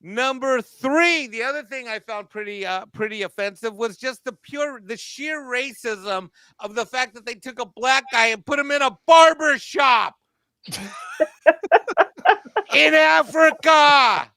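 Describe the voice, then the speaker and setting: A man with a Mexican accent talking on a review panel, animated and joking, laughing at his own jokes. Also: very high voice, measured pace, smooth, dry recording.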